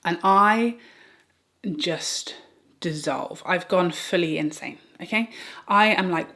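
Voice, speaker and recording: A British woman vlogger telling a personal story in a rambling, animated way, with restarts and small laughs. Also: fairly low pitch, moderate pace. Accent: British English. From Britain. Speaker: beauty vlogger. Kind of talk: get-ready-with-me storytime.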